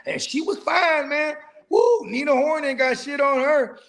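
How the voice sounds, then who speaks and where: A man hosting a podcast, telling a story in an animated, profane way in casual chat. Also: extremely high pitch, a little slow. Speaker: podcast host.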